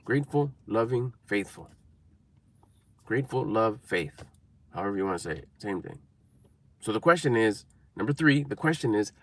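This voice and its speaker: A man's voice: lowish voice, lively intonation, normal speed, long pauses, dry recording. Man, motivational vlog, emphatic and repetitive, coaching tone, dry sound. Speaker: motivational speaker. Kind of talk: motivational talk to camera.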